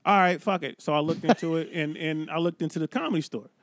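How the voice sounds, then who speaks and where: A man's voice: a little high, quick pace, dry recording. A man telling stories about his start in stand-up comedy, casual and profane in podcast chat. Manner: profane, loose storytelling. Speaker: comedian guest.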